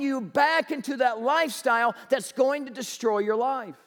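High-voiced preacher in an echoing hall. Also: male voice, normal speed, hardly any pauses. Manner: animated storytelling, rising to shouts. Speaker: pastor. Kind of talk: sermon.

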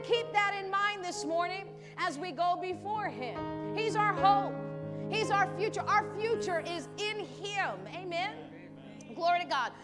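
A woman pastor preaching a sermon at a church service, animated and acting out pleading voices, laughing often. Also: extremely high pitch, long reverb tail.

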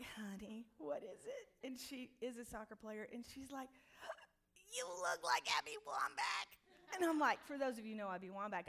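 Woman in her 40s, lively storyteller for a women's faith group, acts out the people in her story. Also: a little high. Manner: animated, acts out quoted voices. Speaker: speaker at a women's faith gathering. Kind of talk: humorous faith-based storytelling talk.

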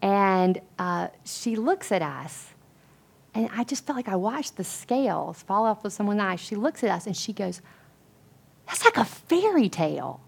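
A woman's voice: mid-range voice, lively intonation, moderate pace, gravelly. A woman giving an earnest, conversational sermon to a Bible study group, chatting through restarts and fillers. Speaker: women's Bible study speaker.

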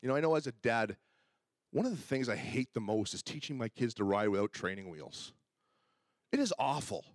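A middle-aged man preaching a sermon as pastor, telling personal stories and acting out the dialogue with lively energy. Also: medium pitch, normal speed, no room sound, studio quality. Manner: animated storyteller who acts out dialogue.

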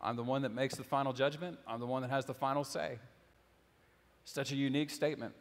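A young man preaching a sermon as a pastor, conversational and gently humorous, with casual fillers. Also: medium pitch, steady tone, a little fast. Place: church sanctuary. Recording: long hall reverb.

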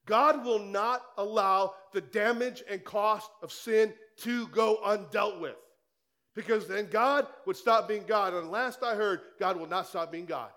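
A man's voice: high-pitched, a little slow, pushed and bright. A male pastor preaching a sermon in a conversational way, firing rhetorical questions at the congregation in church.

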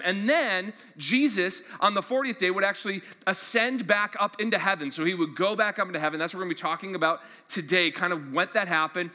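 A man pastor giving a conversational, energetic sermon, with fillers and questions repeated over and over. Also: sits high. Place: church hall. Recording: long hall reverb.

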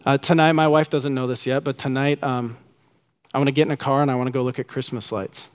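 A man in his thirties preaching a sermon as a pastor, animated and rising high and excited when he acts out quotes. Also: quick pace.

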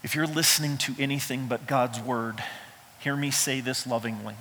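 A man's voice: mid-range voice, normal speed, bright, forceful tone, a little hiss or hum. A middle-aged man, a pastor, preaching a sermon in an emphatic, conversational way with touches of humor, in a church. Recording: reverberant hall sound.

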